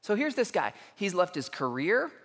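A man preaching a sermon as a pastor, earnest and emphatic, building intensity with pauses for weight. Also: high voice, sing-song, a bit bright. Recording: long church hall reverb.

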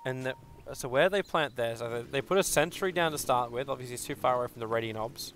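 A man casting a live esports match on a headset, calling the play in an energetic, quick and excitable way. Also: medium pitch, a little hiss or hum. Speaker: esports caster. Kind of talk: live game commentary.

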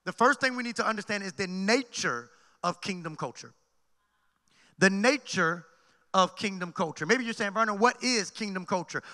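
A male pastor preaches a sermon, his voice pitched high and bright. He pauses to get the congregation talking back to him. The sound rings with the long reverb of a church sanctuary. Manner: preaching with call-and-response asides.

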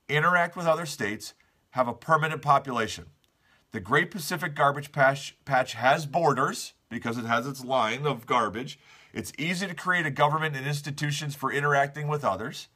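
A man hosting a casual morning show, reading out news stories and chatting about them with the viewers. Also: medium pitch. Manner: animated, talks straight to viewers, reads headlines aloud.

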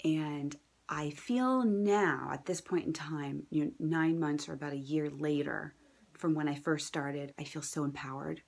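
A woman's voice: low-pitched, fairly even intonation, unhurried, vocal fry, darkish tone. A woman in her thirties, a mother, telling her own story in a casual, earnest and enthusiastic way, with fillers and restarts, sometimes dropping to a whisper. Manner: drops into a whisper at times. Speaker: mother sharing a testimonial. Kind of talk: casual personal testimonial.

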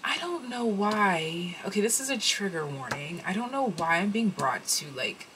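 A woman's voice: mid-range voice, big pitch swings, normal speed, background noise. A woman giving a casual tarot reading to her viewers, thinking aloud and rambling with many fillers. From United States. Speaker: tarot reader.

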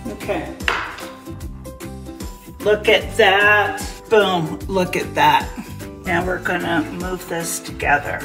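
A woman chats her way through a home cooking demo at a leisurely pace, goofy and talkative with the viewers. Her voice bounces around a roomy kitchen. Background music plays clearly beneath her. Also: lowish voice, slow, long pauses. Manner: playful, self-described silly, chatty asides to viewers. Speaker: cooking vlogger. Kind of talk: casual cooking demonstration. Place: cabin kitchen.

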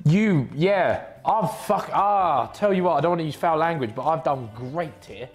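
A man's voice: fairly high pitch, animated, moderate pace, few pauses, noisy background. A young man bantering playfully during a makeup challenge. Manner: playful, giggly, teasing. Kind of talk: casual banter. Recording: clip with background music. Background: music.

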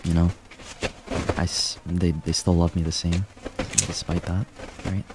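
A man with a very low voice talks haltingly to his stream viewers, stopping and restarting often. The audio carries a clear layer of noise behind him. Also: level tone. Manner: halting, full of fillers and restarts. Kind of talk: casual stream talk.

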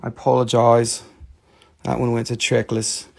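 An American man hosting a live sales stream, talking in an excitable, rambling way with casual swearing. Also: medium pitch, moderate pace, gravelly. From United States.

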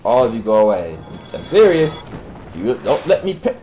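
A man's voice: medium pitch, sing-song, normal speed, mellow, faint music behind, poor audio. A young man giving profane, sarcastic commentary while playing a video game and talking to its characters. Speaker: gaming commentator. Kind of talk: Let's Play commentary.

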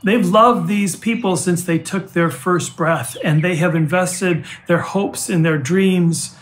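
Earnest older man preaching. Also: high voice. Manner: earnest, heartfelt, halting restarts. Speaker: pastor. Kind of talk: sermon.

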